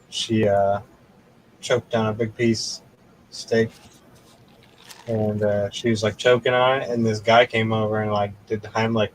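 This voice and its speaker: A man's voice: fairly low pitch, a little hiss or hum, rough recording. A man telling a rambling story in casual chat, swearing constantly and laughing a lot.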